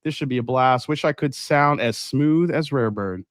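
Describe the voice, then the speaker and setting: A man's voice: mid-range voice, moderate pace, slight background noise. Upbeat man hosting a livestream. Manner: upbeat, greets viewers by name, reads chat aloud. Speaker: livestream host. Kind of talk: casual livestream chat.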